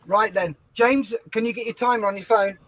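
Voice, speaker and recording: High-voiced man running an auction. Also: fairly even intonation, brisk, fairly bright tone, no echo, rough recording. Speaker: auctioneer co-host. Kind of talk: casual live-stream chat.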